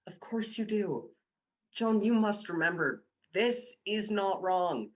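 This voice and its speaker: A man's voice: sits high, animated, slow pace. A young man playing a coaxing student boyfriend. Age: young adult. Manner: coaxing, teasing, insistent. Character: young male university student, persuasive boyfriend. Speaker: boyfriend Dick. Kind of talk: amateur radio drama acting.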